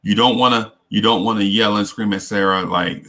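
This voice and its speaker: A man hosts a casual advice talk in a slightly low voice with a forceful, sharp edge. He speaks earnestly and haltingly, often restarting and repeating words as he works through his points. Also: steady tone. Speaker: host.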